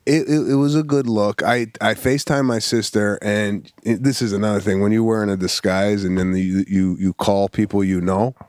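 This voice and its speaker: Low-ish guy on a comedy podcast, dry close sound, keeps repeating himself, earnest. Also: steady tone, moderate pace, hardly any pauses, darkish tone, no room sound. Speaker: podcast co-host. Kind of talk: casual comedic chat.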